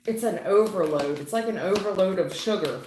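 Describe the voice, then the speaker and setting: A middle-aged woman doing a live tarot reading, blunt and slangy, teasing and animated as she talks to viewers. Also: mid-range voice, brisk, roomy sound, a little hiss or hum. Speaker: tarot reader.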